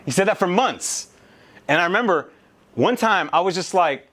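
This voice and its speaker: A man's voice: high voice, animated, normal speed, a bit bright. A man in his thirties giving a storytelling keynote speech, emphatic and conversational. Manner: emphatic, conversational, swears casually. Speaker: motivational speaker.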